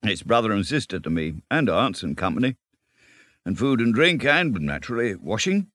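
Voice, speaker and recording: A man reading a storybook, voicing a cheerful, self-assured male water rat who talks briskly and chattily. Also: on the low side, sing-song, a bit bright, no room sound, pitched above the performer's own voice. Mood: hearty. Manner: brisk, chatty, lightly laughing.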